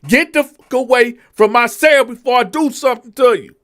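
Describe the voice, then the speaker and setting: A man's voice: on the high side, big pitch swings, moderate pace, fairly bright tone, voice pushed up. A man voicing a violent male inmate who brushes off the guards, swears and threatens them. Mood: defiant.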